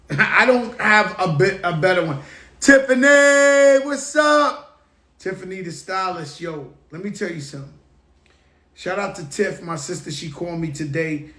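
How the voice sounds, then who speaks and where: A man hosting his own show, telling stories in a lively, casual way. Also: high-pitched, normal speed. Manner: animated, tells stories with hype and sound effects. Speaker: show host. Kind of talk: casual storytelling monologue. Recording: roomy echo.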